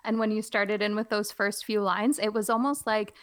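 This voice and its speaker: A woman co-hosting a book podcast as a teacher, chatting casually and reading aloud with animated, goofy voices. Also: mid-range voice, moderate pace, slight background noise. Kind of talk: casual book chat and playful read-aloud.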